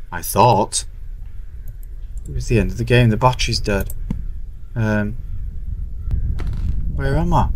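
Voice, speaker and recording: A man's voice: medium pitch, slight background noise. Jumpy sweary gamer guy. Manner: jumpy, sweary running reactions. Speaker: gaming video host. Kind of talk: horror game playthrough commentary.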